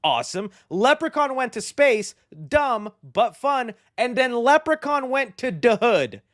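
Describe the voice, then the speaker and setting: Man, host, casual movie news chat, excitable and slangy, high voice, dry close sound. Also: measured pace, no room sound.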